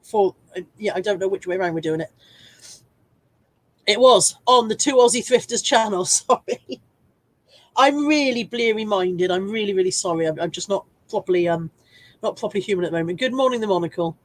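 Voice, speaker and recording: A woman's voice: mid-range voice, fairly quick, dry recording. A woman hosting a casual live stream while full of a cold, chatting, rambling and poking fun at herself as she greets viewers by name. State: congested with a cold, coughing.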